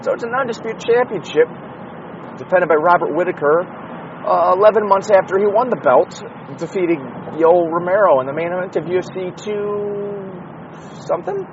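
A man's voice: sits high, moderate pace, lo-fi sound. A young man talking casually and profanely about fighting, in a rambling way full of asides, recorded in his car with the window open. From Chicago area, United States. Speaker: podcast host. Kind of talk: casual solo MMA commentary. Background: traffic and street noise.

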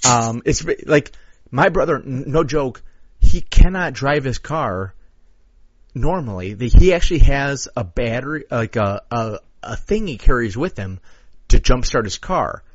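A man's voice: medium pitch, animated, a little slow, dry recording. A man co-hosting a podcast, telling a crude story in casual chat, full of swearing and acted-out quotes. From Chicago area. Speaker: podcast co-host. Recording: dull lo-fi audio.

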